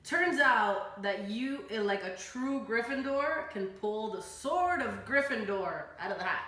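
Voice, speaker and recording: Bright, echoey, profane young woman storyteller. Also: a little high, expressive, unhurried. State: tipsy. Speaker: host. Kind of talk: casual retelling of a story. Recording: echoey room with faint noise.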